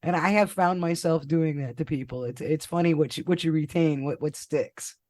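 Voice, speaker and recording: A woman's voice: low voice, normal speed, mellow. A woman hosting a casual interview podcast, chatty and playful, laughing often. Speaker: podcast host.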